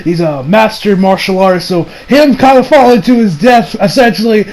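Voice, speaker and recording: A man giving a casual, excited review of an anime episode, often laughing and acting out lines from the show. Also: high-pitched, normal speed, low-quality recording. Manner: excited, laughing, acts out quotes in funny voices.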